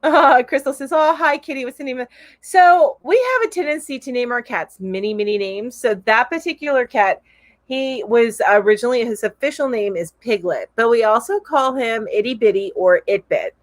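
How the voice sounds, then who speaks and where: Bubbly woman chatting on a live stream, high voice that jumps all over, close dry mic. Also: expressive, normal speed, dry recording. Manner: bubbly, giggly, coos at her cat. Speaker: live show host. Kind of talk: casual live-stream chat, reading comments.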